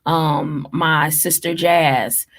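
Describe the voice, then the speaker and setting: A woman in her thirties hosts a live stream and earnestly lists her thanks in long runs full of ums, giving a heartfelt address. Her voice is deep, with fairly even intonation and drawn-out words.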